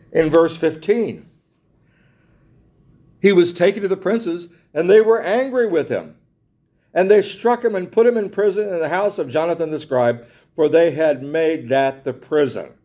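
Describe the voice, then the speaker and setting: A man's voice: a little high, darkish tone. A man preaching a sermon in an earnest way, repeating himself, restarting phrases and asking his listeners rhetorical questions.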